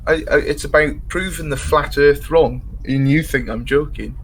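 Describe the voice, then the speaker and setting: A man's voice: fairly high pitch, moderate pace, a little hiss or hum. A man, calling into a debate stream, blunt and mocking but often hesitant. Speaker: caller. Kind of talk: casual call-in debate.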